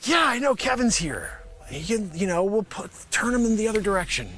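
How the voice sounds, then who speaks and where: Brash, bright-voiced rambling comic salesman. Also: high voice, very animated, fairly quick. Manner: swings between mumbled asides and sudden shouted outbursts. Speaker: comedy show host pitching a mock product. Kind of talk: improvised comedy sketch, one-man parody pitch.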